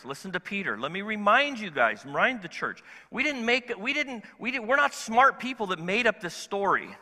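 A male pastor preaching a sermon in an animated, conversational way, asking the congregation questions. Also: high voice, moderate pace, in a large hall. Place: church sanctuary.

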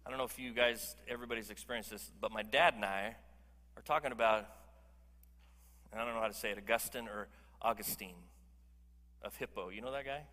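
A man's voice: mid-range voice, fast talker, sharp tone, in a large hall. A man preaching a sermon as pastor, emphatic and conversational, joking with his congregation. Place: church hall.

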